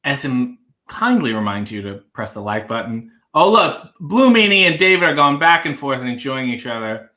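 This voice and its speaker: A man's voice: mid-range voice, sing-song, moderate pace, bright, forceful tone. A young man hosting a casual livestream, chatting wryly and rambling as he reads viewer comments. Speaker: livestream host. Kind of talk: casual live chat reading viewer comments.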